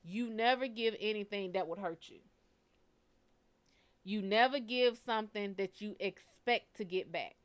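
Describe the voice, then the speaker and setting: Blunt, storytelling woman tarot reader, smooth voice. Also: medium pitch, unhurried. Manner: blunt, conversational storytelling with casual swearing. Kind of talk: live tarot reading.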